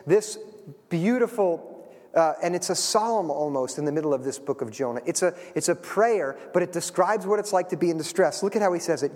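High-voiced preacher in a reverberant hall. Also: male voice, darkish tone. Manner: emphatic, asks the congregation rhetorical questions. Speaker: pastor. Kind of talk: sermon. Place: church sanctuary.

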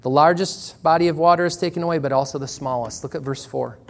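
Guy preaching in church, earnest, slows way down on the big lines. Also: on the high side, vocal fry. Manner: earnest, measured preaching with slow emphatic pauses. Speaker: pastor. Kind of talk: sermon.

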